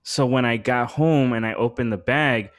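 Speaking at a moderate pace with a medium-pitched voice, this podcast host rambles through a story in casual talk, heavy on slang and curse words. When he gets fired up, his voice climbs.

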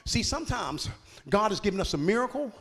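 A man's voice: high-pitched, big pitch swings, brisk, fairly bright tone, in a large hall. A man preaching a sermon in a folksy, playful way, joking with the congregation and laughing between phrases.

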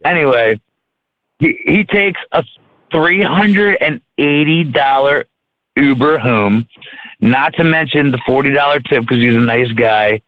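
A man's voice: medium pitch, a little slow, dry recording. A man from Maryland telling a story in casual chat, rambling and profane, with lots of fillers and restarts. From Maryland, USA. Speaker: podcast co-host. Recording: tinny phone-like, dry sound.

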